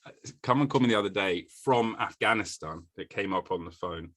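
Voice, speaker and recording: A man hosting a casual podcast chat, joking and sarcastic, with sudden jumps in pitch. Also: fairly quick, fairly bright tone, no room sound. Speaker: podcast host.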